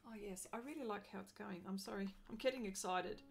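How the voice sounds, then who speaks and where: A middle-aged woman chatting casually to viewers while she paints on a live stream, chatty and self-deprecating with bursts of excited laughter. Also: mid-range voice, a little fast, creaky, soft background music.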